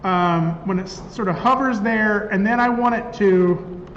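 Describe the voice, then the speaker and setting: A man instructor giving a conversational classroom software lecture, checking in with his students as he works. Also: high voice, a little slow, a little hiss or hum. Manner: conversational, checks in with "right?" often. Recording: roomy classroom, dull lo-fi sound.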